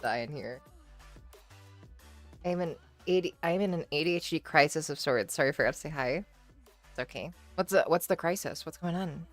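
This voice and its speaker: Relaxed, giggly woman streamer chatting. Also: sits low, moderate pace, pauses often, faint music behind. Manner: relaxed, swears freely, giggles shyly; reads and answers chat messages. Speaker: livestreamer. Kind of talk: casual chat with stream viewers.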